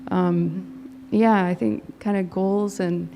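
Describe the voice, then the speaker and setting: A woman artist muses about her process on a gallery panel. Her voice is mellow and a bit low, with a long reverb and a faint murmur of room noise around her. She wanders and trails off in a casual, thoughtful way. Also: steady tone, slow pace. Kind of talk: reflective panel discussion. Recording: hall reverb with faint ambience.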